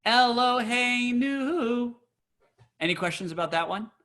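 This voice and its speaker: A man's voice: mid-range voice, lively intonation, normal speed, a bit bright. A man teaching a cantor's class on a video call, chatty and playful, slipping into chant.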